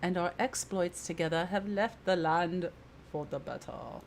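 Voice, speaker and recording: A woman's voice: lowish voice, a little slow, slight background noise. A woman voicing a stern adult woman adventurer in a put-on British accent, reading game dialogue in a formal, declamatory way. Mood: resolute.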